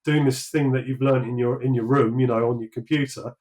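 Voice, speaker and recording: A man's voice: medium pitch, steady tone, fairly quick, a little mellow, rough recording. A British man, likely in his thirties, talking through his career in a casual interview, rambling with many fillers and restarts. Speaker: sculptor guest.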